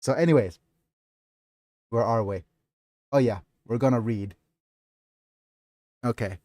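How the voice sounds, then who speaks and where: A man hosting a livestream, talking in an unhurried and rambling way as he answers his chat. His voice sits in the middle of the male range and sounds close and dry, with almost no room around it. He wanders from point to point with plenty of stops and restarts. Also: medium pitch, mellow, no room sound. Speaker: livestream host. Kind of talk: casual livestream chat and reading aloud.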